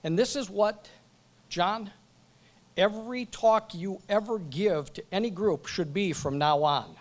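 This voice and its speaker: A man's voice: sits high, a little slow. Joking man giving an award speech. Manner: joking, chatty, goes off script. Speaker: award recipient. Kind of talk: acceptance speech. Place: banquet event at a club. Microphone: microphone.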